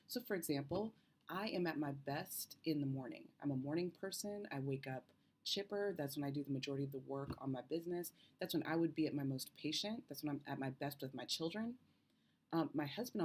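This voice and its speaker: A woman's voice: deep voice, darkish tone, slightly rough. A woman health coach in her thirties, explaining advice to camera and checking in with the viewer with a frequent "okay?".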